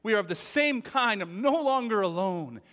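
A man voicing the biblical first man, shouting with amazed delight. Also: high voice, normal speed, long reverb tail, pitched above the performer's own voice. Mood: joyful. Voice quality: excited, shouting.

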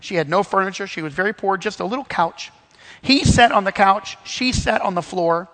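A man from the Midwest telling a faith story in a halting preaching style, full of restarts. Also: high-pitched, a bit bright, big-room sound. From Missouri, US Midwest. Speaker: Bible study teacher.

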